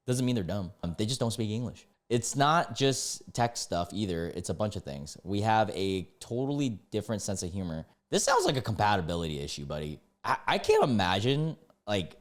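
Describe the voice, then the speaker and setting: Man reacting to online posts with frequent laughter. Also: on the low side. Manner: laughs often, many "like" fillers, incredulous.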